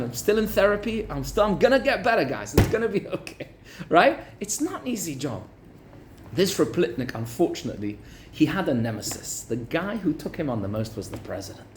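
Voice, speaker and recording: A man who is a rabbi, giving a Torah class as a lively storyteller who breaks in with joking asides. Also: fairly high pitch, a little fast, a little hiss or hum.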